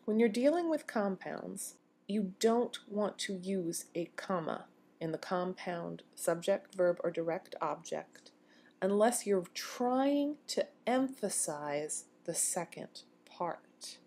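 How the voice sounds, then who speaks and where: A woman giving a recorded university lecture on grammar, explaining clearly and slowing down to read quoted lines. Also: mid-range voice, warm tone.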